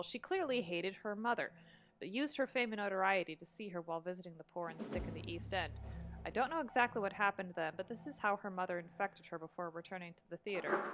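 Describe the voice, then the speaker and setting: A woman's voice: mid-range voice, a bit bright. A young woman hosting a gaming video, chatting casually, laughing often and reading in-game documents aloud. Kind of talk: casual let's play chat, reading game notes aloud.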